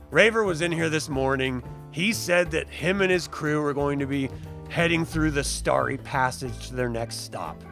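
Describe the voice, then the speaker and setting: A man playing a burly, blunt tavern brawler in a tabletop game, tough-talking and gravelly, bright-toned. The voice stays close to the man's own. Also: on the high side. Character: gruff burly male human bar brawler.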